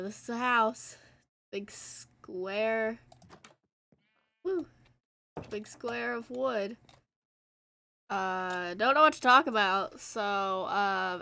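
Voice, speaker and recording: A woman's voice: fairly high pitch, sharp tone. A teenage girl streaming a game, chatting casually in a rambling, self-deprecating way. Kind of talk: casual gameplay chat.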